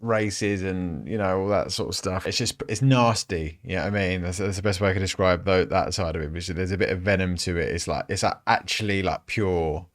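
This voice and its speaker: A man's voice: deep voice, fairly quick, hardly any pauses. A man hosting a casual commentary show, chatty and frank, swearing freely and laughing often. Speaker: podcast host.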